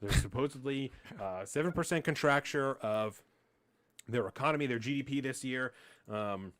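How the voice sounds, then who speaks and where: A man's voice: medium pitch, normal speed, a bit bright, no room sound, clean studio sound. A man co-hosting a casual political podcast, ranting heatedly with frequent swearing and mocking impressions. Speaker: podcast co-host.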